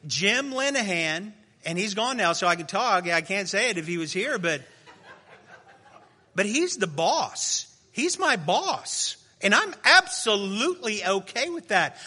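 High, bright, animated male pastor. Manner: animated, swings between loud exclamations and soft asides. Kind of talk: sermon.

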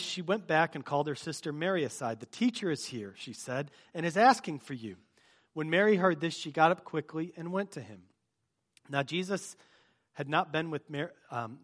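Brief: male pastor, slightly higher voice, lively storytelling sermon with scripture reading.

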